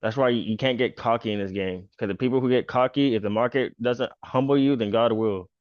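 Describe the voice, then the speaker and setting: Casual male trader host, mid-pitched and loose-spoken, dull, dry recording. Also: brisk, no echo. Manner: loose, filler-heavy talk with "pretty much" and "bro". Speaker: stock trader and channel host. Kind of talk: casual chart walkthrough.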